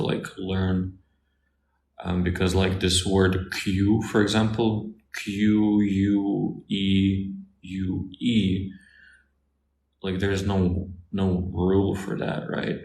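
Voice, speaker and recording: Slow, gravelly man. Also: sits low, echoey room, slight background noise, rough recording. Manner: thinks aloud with fillers and restarts, relaxed explaining. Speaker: Russian tutor answering viewer questions. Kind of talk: casual Q&A livestream.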